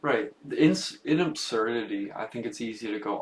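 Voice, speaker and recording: A man's voice: mid-range voice, animated, moderate pace. A man with a middling voice talks loosely on a podcast, with frequent fillers and false starts. The room is echoey, and a faint hum sits underneath. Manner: loose, hesitant, many fillers. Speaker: podcast co-host. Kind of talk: casual podcast conversation. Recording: roomy echo with faint hum.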